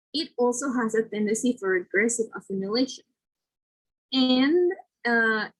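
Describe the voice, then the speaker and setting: A woman's voice: a little high, rough recording. A woman presenting a lesson, explaining step by step with fillers and self-corrections. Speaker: student presenter.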